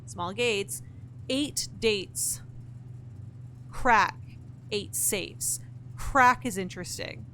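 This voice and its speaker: Her pitch is medium and a bit bright, and she draws out her words and pauses often over a faint hiss or hum. Playing a puzzle game on stream, she reasons aloud, replies to viewers and to characters on screen, and curses in frustration during this live gameplay chat.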